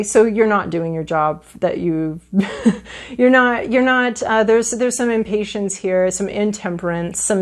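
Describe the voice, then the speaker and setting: A woman giving a casual tarot reading, rambling with many fillers and restarts and playful asides. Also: medium pitch. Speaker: tarot reader.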